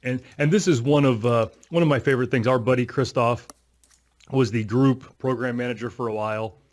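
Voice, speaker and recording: A man's voice: mid-range voice, steady tone, fairly quick. A man co-hosting a tech podcast, talking in a rambling, self-mocking, chatty way. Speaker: podcast co-host. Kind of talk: casual tech podcast chat.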